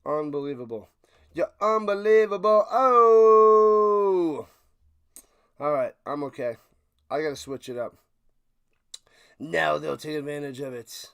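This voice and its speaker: A high-voiced man calls football plays live for his stream's watch party. He rants and repeats himself, jumping from shouted outrage to low grumbling mutters. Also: takes it slowly, creaky, pauses often, clear, resonant tone, dull audio. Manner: excitable, swings from ranting shouts to low mutters; repeats himself while ranting. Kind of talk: live play-by-play and reaction commentary.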